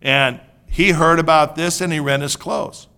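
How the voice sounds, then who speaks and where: A man preaching a sermon in an animated, conversational way, joking with the congregation and swinging between hushed asides and loud outbursts. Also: a little high, unhurried, clear, resonant tone.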